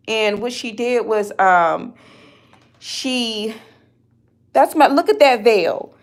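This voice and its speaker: A woman's voice: fairly high pitch, animated, slow pace, pauses often. A woman talking in an upset, rambling vlog, often stopping and restarting her sentences. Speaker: vlogger. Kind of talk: emotional personal vlog.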